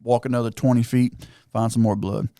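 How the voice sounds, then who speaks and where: A man telling a hunting story on a podcast, excited and animated, acting out what everyone said. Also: medium pitch, fairly quick, no room sound, clean studio sound. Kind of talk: casual storytelling chat.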